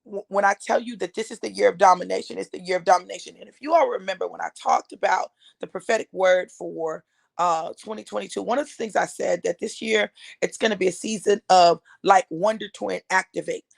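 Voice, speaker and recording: A woman's voice: medium pitch, steady tone, brisk, gravelly, no room sound. A woman in her fifties, an author and speaker, telling a personal story to her viewers in an emphatic, chatty way and calling them y'all. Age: 50s.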